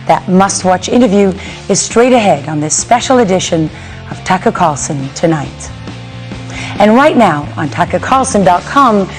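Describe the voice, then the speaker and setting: A woman hosting a news show, presenting from a script in a smooth delivery. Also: fairly low pitch.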